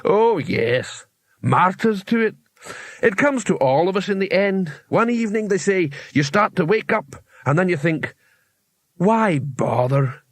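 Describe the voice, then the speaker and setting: A man's voice: high-pitched, big pitch swings, measured pace, no echo, pitched above the performer's own voice, full character voice. A man voicing a friendly, chatty male troll who muses cheerfully and matter-of-factly. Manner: cheerful, matter-of-fact, musing. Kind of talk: audiobook character reading.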